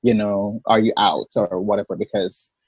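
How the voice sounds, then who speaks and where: A man, a podcast guest on a video call, telling a personal story in a measured, expressive way. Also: on the low side, breathy edge, no room sound. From Jamaica. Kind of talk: personal storytelling in a casual interview.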